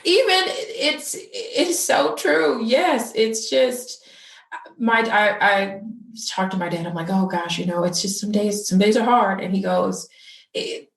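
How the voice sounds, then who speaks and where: A woman's voice: mid-range voice, gravelly. A woman hosting a podcast interview in a casual, effusive manner, laughing easily. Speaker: podcast host. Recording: roomy, distant from the mic.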